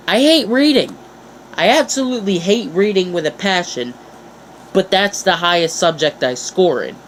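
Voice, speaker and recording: A teenage boy vlogging in a casual, chatty way, playful and animated, jumping up in pitch for emphasis. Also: a little hiss or hum. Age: teens. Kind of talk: casual chat to camera.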